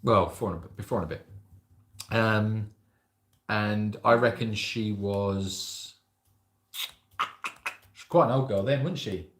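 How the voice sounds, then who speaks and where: A man's voice: fairly low pitch, takes it slowly, pauses often. Chatty man in echoey room. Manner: rambling, chatty storyteller. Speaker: sanctuary host. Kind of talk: casual livestream chat.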